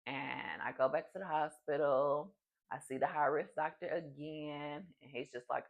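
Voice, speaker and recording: Gravelly-voiced young woman telling a story. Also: extremely low pitch, normal speed, poor audio. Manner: chatty, animated, many fillers. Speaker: vlogger. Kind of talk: casual storytelling.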